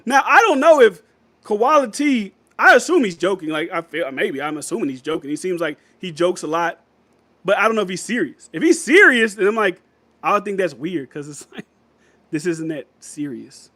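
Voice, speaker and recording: A man's voice: high voice, very animated, normal speed, fairly bright tone, dry recording. A man hosting a casual livestream, rambling loosely, laughing often and reading viewer comments aloud. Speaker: livestream host reading chat.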